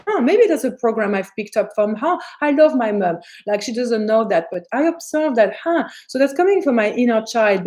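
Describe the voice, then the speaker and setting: A woman spiritual teacher on a live stream, chatty and animated, answering viewers' comments and laughing as she acts out the voices in her head. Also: mid-range voice.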